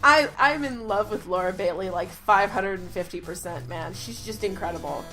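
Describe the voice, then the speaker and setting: A young woman co-hosting a podcast in casual chat, gushing excitedly and swearing freely. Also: mid-range voice, moderate pace. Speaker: podcast co-host. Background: faint background music.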